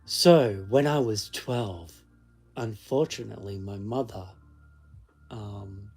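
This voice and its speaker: A man chats to the camera in a slow, unhurried way. He is playful and jokes with his toys and his cat. His voice is mellow and soft-edged. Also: on the low side. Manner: chatty and joking, talks to his toys and cat. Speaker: vlogger. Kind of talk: casual chat to camera.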